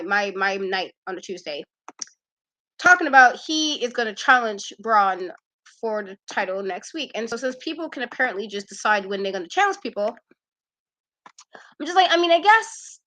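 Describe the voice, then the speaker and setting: A woman co-hosting a wrestling aftershow, giving sassy, animated opinions in casual chat and repeating herself for emphasis. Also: sits high.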